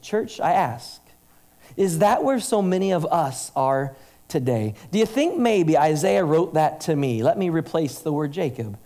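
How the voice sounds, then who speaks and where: A man's voice: fairly high pitch, sing-song, unhurried, dark tone. A man preaching a sermon as pastor, earnest and emphatic, leaning on rhetorical questions.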